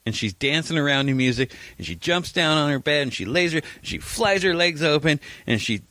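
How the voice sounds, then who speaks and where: A man's voice: a little high, expressive, fairly quick, pushed and bright, no echo. A man co-hosting a casual podcast, crude and teasing, swearing freely as he tells stories. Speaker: podcast co-host. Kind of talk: casual chat.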